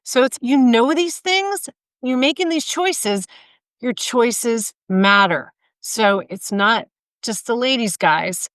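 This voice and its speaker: Chatty woman podcaster, bright and clear. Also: fairly high pitch, slow, dry recording. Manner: chatty, informal, with asides and self-corrections. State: tired, tongue-tied late in the day. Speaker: podcast host and health coach. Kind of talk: solo podcast monologue.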